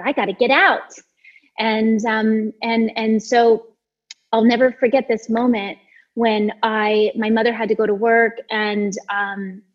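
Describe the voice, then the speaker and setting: Husky woman giving a motivational talk. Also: mid-range voice, a little mellow, dull audio. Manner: earnest, personal storytelling with many restarts. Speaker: motivational teacher.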